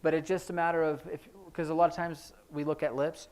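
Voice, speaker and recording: Guy teaching sign language at church, kinda high voice, explaining signs as he shows them. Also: flat delivery, a little mellow, clear, resonant tone. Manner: explains signs while demonstrating, hurried asides. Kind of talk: classroom instruction. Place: church classroom.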